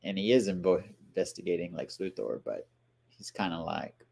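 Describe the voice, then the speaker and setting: A man's voice: deep voice, lively intonation, normal speed, gravelly, a little mellow, slightly rough. A man hosting a movie watchalong, casually commenting on scenes, laughing often and playfully quoting the characters.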